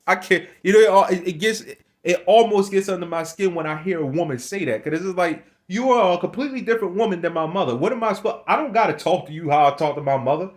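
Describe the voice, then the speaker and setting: A man's voice: high voice, animated, brisk. A man delivering a rambling religious rant to camera, scolding his viewers, swearing and restarting his phrases. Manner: scolding, swears, laughs between points. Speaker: religious video maker.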